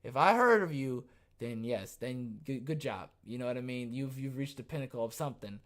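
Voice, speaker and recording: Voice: mid-range voice, expressive, a little fast. Sarcastic podcast host, laughing often. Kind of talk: live news commentary chat.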